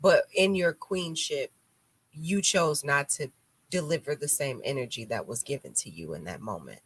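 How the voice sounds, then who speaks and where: A woman with a notably low voice hosts a live radio talk show. She chats casually and bluntly, telling stories with animated flair and acting out what people said. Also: moderate pace, slightly rough. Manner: blunt, animated storytelling with acted quotes. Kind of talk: casual chat.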